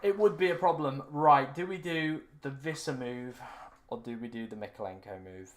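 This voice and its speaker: Hoarse young man streaming. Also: medium pitch, normal speed. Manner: rambling, self-correcting, talks to chat. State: strained, raspy voice after hours of talking. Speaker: fantasy football streamer. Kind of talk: live stream chat. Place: room at home.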